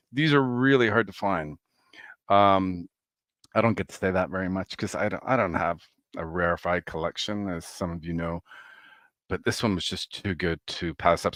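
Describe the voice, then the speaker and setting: A man chatting casually and excitedly about records he bought, telling a rambling travel story with laughs and swearing. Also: low voice, no echo. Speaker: vinyl record collector vlogger.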